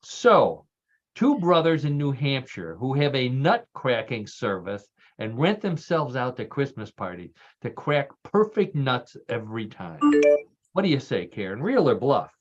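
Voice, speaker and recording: A jokey, chatty man with a Texas accent hosts a casual radio talk show. He laughs easily and stumbles into little restarts with "uh", and his voice sits at an ordinary pitch. The recording sounds a bit dull and lo-fi. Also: very animated, measured pace. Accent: Texan. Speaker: show host. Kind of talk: casual radio chat, hosting a news quiz.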